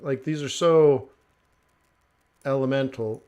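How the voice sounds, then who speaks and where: A man hosting a casual forex trading live stream, talking through charts in a joking, animated way. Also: on the high side, slow, pauses often, clear, resonant tone. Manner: chatty, joking, animated asides with mock voices.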